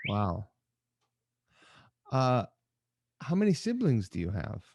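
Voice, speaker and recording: A man hosting a podcast, asking curious questions and wandering into relaxed, rambling asides. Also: fairly low pitch, slow pace, vocal fry, breathy edge, no room sound, highs cut off. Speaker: podcast host. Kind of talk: casual interview.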